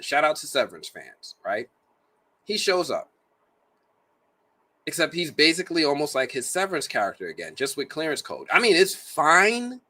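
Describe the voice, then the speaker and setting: A man's voice: medium pitch, breathy edge. A man reviewing a movie in a casual, jokey, slang-filled way. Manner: animated, slangy, jokey delivery.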